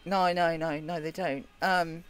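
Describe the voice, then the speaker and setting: A man's voice: on the high side, steady tone, measured pace, fairly bright tone, clear, resonant tone, dry recording. A British man co-hosting a live show, chatting casually and reading out viewer comments. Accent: British English. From Britain. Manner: chatty, reads out chat comments. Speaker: co-host of a live chat show. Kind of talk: casual chat.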